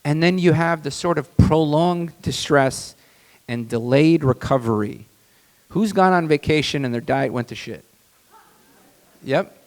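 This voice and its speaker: A man, a doctor, giving a conference seminar on stage, animated and asking the audience questions. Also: a little high, unhurried, long pauses, big-room sound, low-quality recording. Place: large conference hall, on stage.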